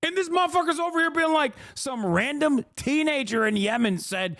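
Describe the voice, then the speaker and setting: A man's voice: very high-pitched, lively intonation, moderate pace, few pauses, fairly bright tone, no echo, clean studio sound. A male streamer ranting in live commentary, profane and heated, with sarcastic mockery.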